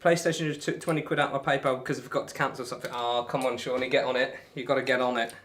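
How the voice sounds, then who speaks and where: A man's voice: mid-range voice, little pitch movement, rapid-fire, fairly bright tone. A man chatting casually on a live stream, reading out viewer comments and bantering between darts throws in a rambling, friendly way. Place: home room while throwing darts.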